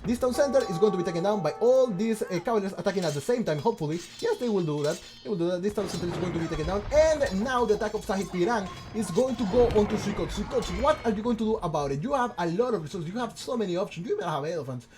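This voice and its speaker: A man casting a strategy game, excitable and stammering, firing off rhetorical questions. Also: sits high, racing, hardly any pauses, music in the background. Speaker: game commentator. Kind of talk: casual game commentary.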